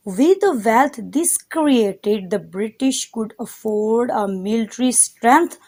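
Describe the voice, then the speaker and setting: A woman teacher reads a history chapter aloud at an unhurried pace. She stops to explain difficult words and turns to her students now and then. Her delivery is steady and deliberate. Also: fairly high pitch. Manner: addresses her students directly. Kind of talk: textbook reading and explanation.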